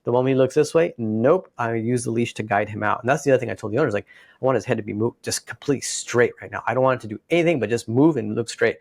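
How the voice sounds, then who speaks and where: Gravelly guy on a dog podcast, bit congested, acting out owners n dogs, dry close sound. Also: mid-range voice, racing, no echo. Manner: storytelling, acts out dogs and owners. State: slightly congested. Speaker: podcast co-host, dog trainer. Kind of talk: casual podcast chat.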